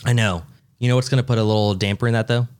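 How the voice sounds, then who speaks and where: A man co-hosting a podcast in casual chat, with a dry, joking and drawn-out delivery. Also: fairly low pitch, fairly even intonation, noisy background. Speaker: podcast co-host.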